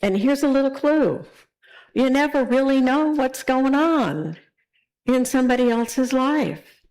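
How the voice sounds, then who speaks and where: A woman minister giving a sermon in a conversational, animated storytelling way. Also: high-pitched, measured pace, rough recording.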